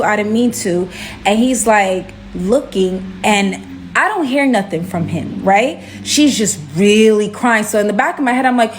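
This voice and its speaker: A young woman from Brooklyn tells a storytime vlog. She is animated and chatty, dropping "like" and "right?" all through it. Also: mid-range voice, a little hiss or hum. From Brooklyn, New York.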